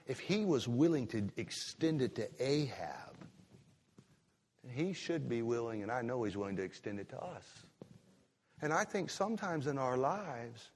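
Male pastor, sermon, emphatic drawn-out delivery, sudden loud rises, long hall reverb. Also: a little high, slightly rough.

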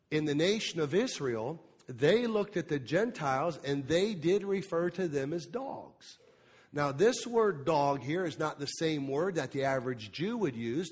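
A male pastor preaching a sermon. He acts out the lines of the Bible figures, pushing hard on the key words and then dropping to a near hush. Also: a little high, in a large hall. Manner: dramatic preaching that acts out the Bible voices with rising emphasis.

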